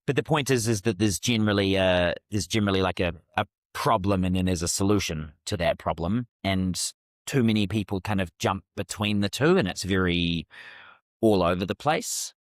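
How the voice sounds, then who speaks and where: A middle-aged man, a communication coach telling sales stories as a podcast guest, animated and often restarting his sentences. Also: low voice, normal speed, no echo, clean studio sound. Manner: animated, restarts phrases mid-thought. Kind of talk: casual interview storytelling.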